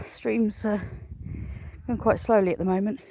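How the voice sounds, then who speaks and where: A woman's voice: medium pitch, steady tone, a little slow, dark tone, breathy edge, dry recording, low-quality recording. A woman chatting casually on a live stream while showing her farm animals, rambling and cooing at them. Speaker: smallholder vlogger. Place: outdoors on a farm among sheep and goats.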